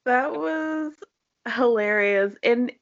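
A woman's voice: fairly high pitch, slow pace, muffled recording. A woman co-hosting a casual reality TV recap podcast, giggling, saying "like" often and acting out quotes from the cast. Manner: says "like" a lot, giggly, acts out quotes. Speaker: podcast co-host.

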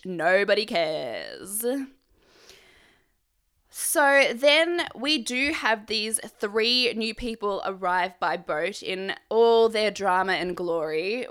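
A young woman recaps a reality show with irreverent sarcasm and free swearing. She talks slowly and leisurely, her tone bright and forceful. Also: medium pitch, clear, resonant tone. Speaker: recap vlogger.

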